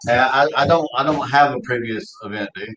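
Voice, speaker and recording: A man's voice: medium pitch, fairly quick, a bit bright, rough recording. A man with a Southern US accent, a player in a tournament, chatting casually and politely. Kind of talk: casual chat.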